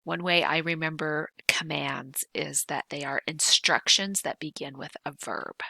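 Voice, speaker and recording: A middle-aged woman teacher giving a video grammar lesson, explaining patiently and clearly, slowing down to stress key points. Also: low-pitched, fairly even intonation, pushed and bright, no room sound.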